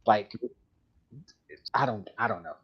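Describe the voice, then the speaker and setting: Man, live-stream host, husky voice, rambling casual chat, dull lo-fi audio. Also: lowish voice, slow, fairly bright tone. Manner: chatty, rambling, laughs often. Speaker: host of a live collectibles show.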